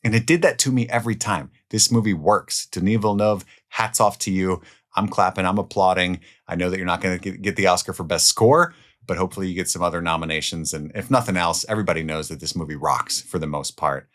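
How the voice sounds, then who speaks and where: A man with a very low, deep voice gives his picks of the year's films in a loose, chatty way. His delivery swings between excited, louder bursts and quiet, muttered asides, with the odd swear word. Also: fast talker. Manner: enthusiastic, swears casually, jumps between loud highs and quiet lows. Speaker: film reviewer. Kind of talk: casual spoken movie countdown.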